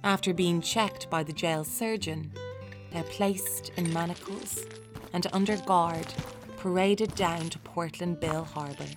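Woman narrating a dramatic history, low voice. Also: music in the background. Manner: measured, dramatic storytelling.

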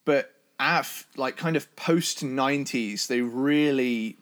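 A man co-hosting a casual music podcast, talking with enthusiasm in a hoarse voice. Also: medium pitch, takes it slowly, fairly bright tone. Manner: enthusiastic, imitates drum sounds. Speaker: podcast co-host.

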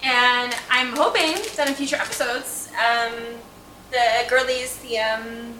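A woman's voice: fairly high pitch, level tone, unhurried, bright, forceful tone, a little hiss or hum. A woman hosting a podcast, chatting loosely with lots of "like" and swearing. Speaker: podcast host. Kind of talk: casual chat. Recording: echoey room.

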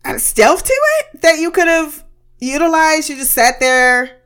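A woman's voice: high-pitched, sing-song, measured pace, a bit bright. A woman giving a casual, blunt recap of a TV episode, swearing freely and laughing often between remarks. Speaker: TV episode reviewer.

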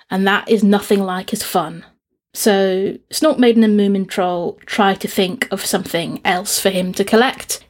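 A woman chatting casually about a book she is reading, retelling the story with lively energy. She jumps into the characters' lines now and then in a higher voice. Her pitch sits in the middle for a woman. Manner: animated retelling, acts out characters' lines in a raised voice. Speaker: podcast co-host.

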